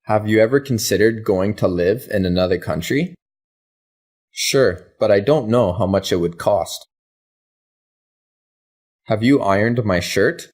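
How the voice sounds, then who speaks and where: A man reading practice questions and answers for English learners in a careful, even way. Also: lowish voice, a little slow, pauses often. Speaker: English lesson reader.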